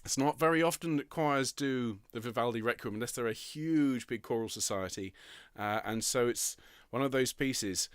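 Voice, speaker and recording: A man's voice: mid-range voice, moderate pace, smooth, no echo, studio quality. A middle-aged man leading an online choir rehearsal, chatty and enthusiastic, often repeating his words as he coaches the singers. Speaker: choir conductor.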